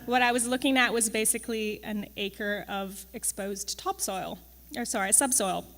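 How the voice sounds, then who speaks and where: Speaking at normal speed with a medium-pitched, steady, fairly bright voice, a young woman presents conversationally to an audience as a campus farm manager. She's chatty and wry, full of ums and tag questions, and the large event hall adds long reverb.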